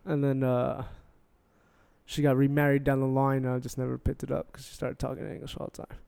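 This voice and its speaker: A man's voice: medium pitch, completely flat delivery, a little fast, creaky, a little mellow, clear, resonant tone, in a large hall. A man of Puerto Rican heritage who fights in mixed martial arts, chatting in an easygoing, friendly, slangy way as a podcast guest. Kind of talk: casual chat.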